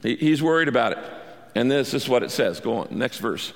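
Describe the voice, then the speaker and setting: A man preaching a sermon, telling a scripture story in an animated, emphatic way. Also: medium pitch, brisk, in a large hall. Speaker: pastor.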